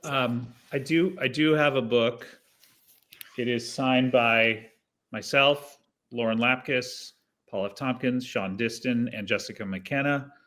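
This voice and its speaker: A man's voice: mid-range voice, takes it slowly, a bit bright. A man on a charity livestream, offering a signed book with dry self-deprecating humor. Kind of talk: casual livestream banter.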